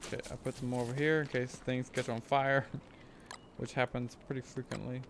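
A man casually talking through his gameplay as a streamer, rambling and thinking aloud, with sudden excited whoops. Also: mid-range voice, moderate pace, noisy background. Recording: game music playing under the voice. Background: game music.

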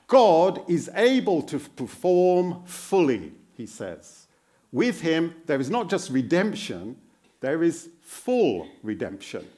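Slow, animated male guest preacher. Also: a little high. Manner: earnest, with an encouraging teacher-like tone; repeats phrases for emphasis. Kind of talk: sermon with questions to the congregation. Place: church.

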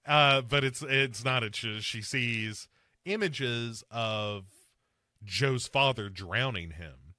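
A man's voice: mid-range voice, takes it slowly, bright, forceful tone, no room sound, clean studio sound. A man hosting a podcast, recapping a film scene by scene in casual chat and slipping into mocking voices for the characters. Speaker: podcast host.

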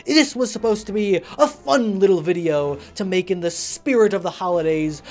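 A woman's voice: mid-range voice, moderate pace, few pauses, darkish tone, faint music behind. A woman hosting a comedic video essay, delivering her points with theatrical, melodramatic flair. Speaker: video creator.

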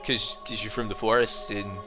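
A young Australian man giving goofy, excitable commentary while playing a video game. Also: lowish voice, normal speed, over music. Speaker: let's play gamer.

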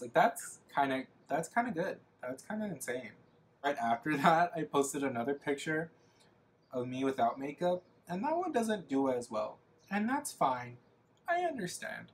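A man's voice: medium pitch, a little hiss or hum. Rambling young man chatting while doing makeup. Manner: rambling, filler-heavy, self-mocking. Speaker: makeup vlogger. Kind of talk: casual get-ready-with-me chat.

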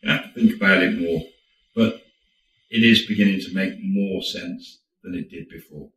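A man's voice: low voice, fairly even intonation, normal speed, fairly bright tone. A man doing a weary hungover rich man. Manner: offhand, weary. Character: wealthy hungover foreign man, offhand. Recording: roomy, distant mic.

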